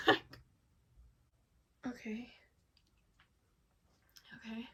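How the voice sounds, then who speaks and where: A woman vlogger reacting to online posts in loose, casual commentary. She talks in an animated, foul-mouthed way, full of laughing asides. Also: on the high side, extremely slow, slightly rough, low-quality recording.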